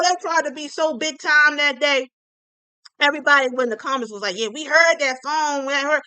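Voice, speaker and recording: Brief: high-pitched woman gossip streamer, sassy and chatty, dry close-mic sound. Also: expressive, moderate pace, sharp tone, no room sound. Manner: chatty, sassy, calls viewers honey and y'all. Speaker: gossip channel host. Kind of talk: casual gossip commentary on a livestream.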